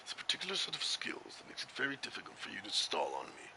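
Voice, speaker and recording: A man doing a hushed, menacing action-hero threat. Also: huge pitch swings, rapid-fire, noisy background. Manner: hushed, low, threatening whisper. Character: grim menacing middle-aged male action-film hero.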